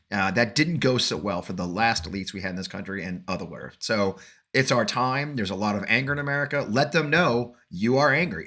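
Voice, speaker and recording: A man's voice: fairly low pitch, fairly bright tone. A man hosting a casual political talk show, chatty and rambling, who laughs at his own jokes and then urges viewers to act. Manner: earnest, rallying appeal to viewers.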